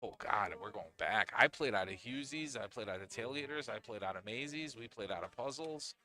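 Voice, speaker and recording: A man's voice: medium pitch, expressive, brisk, pushed and bright. A man with a Northeastern Pennsylvania accent giving chatty live commentary on a pool match, often laughing and restarting his phrases.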